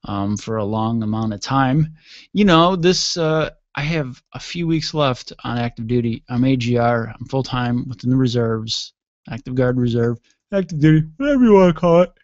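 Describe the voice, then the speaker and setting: On a studio mic with dull, dry lo-fi sound and no echo, a radio host tells a meandering story at his own expense. He is tired and yawning, yet his mid-range voice stays animated at a normal speed in this casual monologue.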